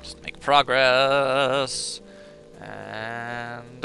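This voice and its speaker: A man's voice: medium pitch, expressive, unhurried, pushed and bright. A man giving sarcastic, joking commentary while playing a video game. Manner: wry and sarcastic. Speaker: let's player. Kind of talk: gameplay commentary. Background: faint game music.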